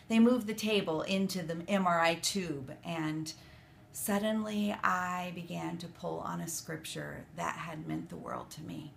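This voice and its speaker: A woman's voice: lowish voice, vocal fry, slight background noise. A middle-aged woman hosting a short radio devotional, telling a personal story in an earnest, encouraging way.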